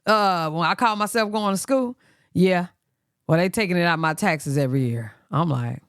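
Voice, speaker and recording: A man's voice: fairly quick, creaky, no echo, clean studio sound. A man hosting a casual chat, animatedly telling a personal story and acting out other people's lines in a raised voice. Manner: animated, acts out quoted voices in high pitch. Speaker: host.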